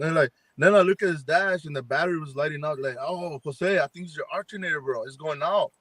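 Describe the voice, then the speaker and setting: Animated man telling a spooky story. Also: a little high, fast, few pauses, no echo. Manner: rambling, acts out quoted dialogue with many fillers. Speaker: paranormal investigator guest. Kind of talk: casual storytelling on a live chat.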